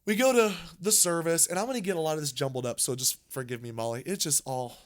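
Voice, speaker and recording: A man co-hosting a podcast, telling a story in a casual, animated way, with frequent restarts and repeated words. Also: on the high side, quick pace. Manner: animated, rambling with many restarts. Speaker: podcast co-host.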